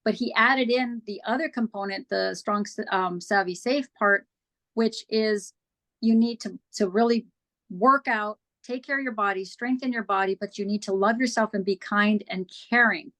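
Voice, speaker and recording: A woman's voice: mid-range voice, normal speed, fairly bright tone. A woman guest on an interview show, telling her personal story in a candid, earnest way and acting out past conversations.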